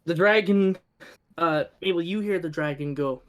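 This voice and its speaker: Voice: mid-range voice, normal speed, fairly bright tone. A game master narrating a tabletop game in a chatty, loose way with many fillers.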